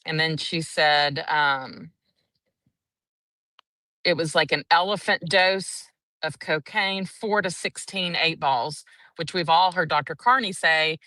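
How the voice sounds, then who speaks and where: A woman's voice: deep voice, pushed and bright, dry recording, far from the mic. Chatty woman recapping a trial. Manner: chatty, breathless recounting with acted-out quotes. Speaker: courtroom trial reporter. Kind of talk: casual live recap of a trial.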